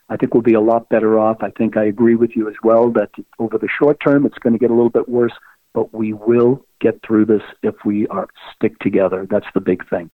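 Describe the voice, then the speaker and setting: A male podcast guest speaking in an earnest, measured way. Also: medium pitch, no room sound. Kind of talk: casual interview chat. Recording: tinny phone line.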